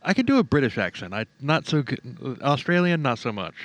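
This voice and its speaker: A man's voice: mid-range voice, very animated, fairly quick, dry recording. A man co-hosting a true-crime podcast, telling the story casually with jokes and sarcastic asides and laughing often. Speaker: podcast co-host.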